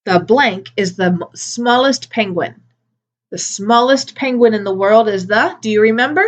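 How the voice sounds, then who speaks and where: Woman teacher drilling grammar slowly. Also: fairly high pitch, highs cut off. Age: adult with a daughter. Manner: slow, careful word-by-word modelling for learners. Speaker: ESL teacher. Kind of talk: recorded grammar lesson.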